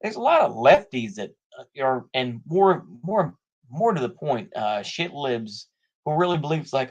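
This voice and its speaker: Guy rambling through political commentary, mid-pitched, tons of "you know", laughs a lot. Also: sing-song, measured pace, pauses often.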